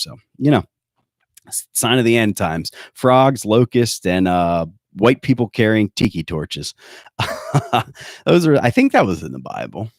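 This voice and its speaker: A man's voice: on the low side, no echo, clean studio sound. A man hosting a podcast in casual chat, rambling and joking, with lots of fillers and restarts. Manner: rambling, joking, self-correcting with many fillers. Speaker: podcast host.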